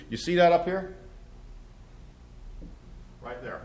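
A man teaching a Bible class, talking with many fillers and restarts and slowing down to stress key words. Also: mid-range voice, expressive, a little mellow.

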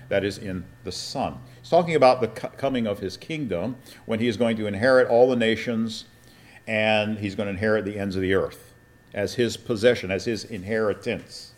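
A man's voice: on the low side, fairly quick. A man preaching a sermon and teaching from Scripture, asking his congregation questions and reading passages aloud. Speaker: pastor. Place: church or meeting room with an audience.

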